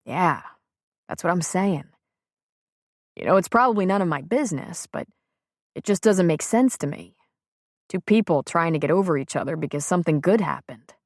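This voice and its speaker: Woman voicing a frank steady man, audiobook, low-ish voice, dry close sound. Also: normal speed, long pauses, no echo. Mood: earnest. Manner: plain-spoken, gently persuasive. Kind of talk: audiobook character reading.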